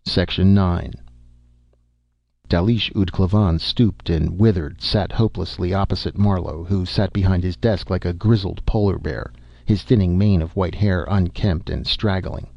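A man reading an audiobook in a steady, even narration, on a dull, dry recording. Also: deep voice, measured pace, creaky, no echo. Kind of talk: scripted narration.

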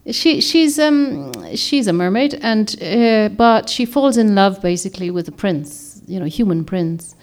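A woman's voice: mid-range voice, lively intonation, unhurried, hardly any pauses, a little mellow. A woman author giving a reflective, rambling talk to a group, often searching for words and restarting her sentences. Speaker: author and speaker.

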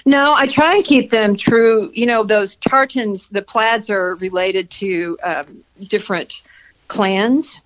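A woman's voice: medium pitch, slow, poor audio. A woman novelist answering interview questions in a friendly, easygoing way, laughing easily. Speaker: romance novelist guest.

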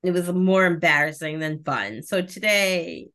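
Here a podcast co-host with a lowish voice speaks a little slowly in a casual chat. She tells stories with animation and laughs frequently.

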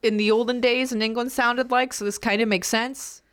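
A woman's voice: a little high, fairly even intonation, fairly bright tone. An American woman co-hosting a podcast, playfully improvising a comedy bit with her co-host. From United States. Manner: playful, quick to go along with the bit.

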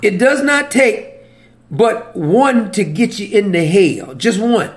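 A man preaching with a high voice. His talk is conversational and teasing. He keeps asking his listeners questions and chuckles at his own points. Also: lively intonation, takes it slowly. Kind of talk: sermon.

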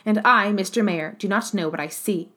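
A woman's voice: mid-range voice, moderate pace, sharp tone. A woman voicing a stern, rigid male police inspector who speaks firmly, respectful yet unyielding. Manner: firm, respectful but unyielding.

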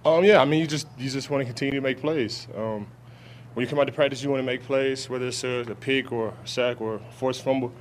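A man's voice: mid-range voice, steady tone, a little hiss or hum. A young adult man, a football player, answering reporters' questions at an outdoor training camp, often restarting his sentences with fillers. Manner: halting, many restarts and fillers. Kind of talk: press conference answers.

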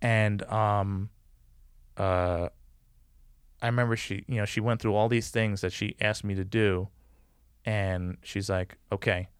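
A man's voice: on the low side, steady tone, takes it slowly, long pauses, smooth, no echo, clean studio sound. A man telling a personal story in a casual podcast conversation. He talks loosely and fills his sentences with "like" and "you know". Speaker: guest.

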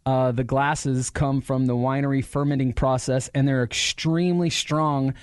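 A man co-hosting a radio show, joking through the news in casual banter and reading stories with deadpan asides. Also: medium pitch, moderate pace, clean tone, dry recording, clean studio sound.

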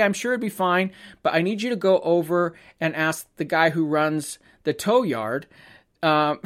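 A man, a photographer, telling a casual anecdote, acting out the dialogue and laughing often as he goes. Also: high-pitched.

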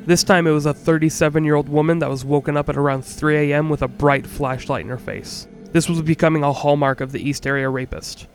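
A man's voice: a little high, fairly even intonation, soft background music. Earnest man narrating true crime. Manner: measured, earnest storytelling with occasional wry asides. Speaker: podcast host.

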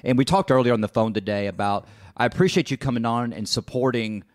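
A man hosting an interview show, welcoming his guest in a friendly, halting way with frequent restarts. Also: mid-range voice, no echo, clean studio sound. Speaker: host. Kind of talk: casual interview chat.

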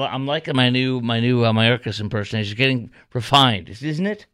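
A man's voice: medium pitch, fairly quick, few pauses, a bit bright, clean tone, dry recording. A man hosting a radio call-in show, talking emphatically and indignantly with plenty of fillers into a studio microphone. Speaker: radio talk show host. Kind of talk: talk radio commentary and call-in.

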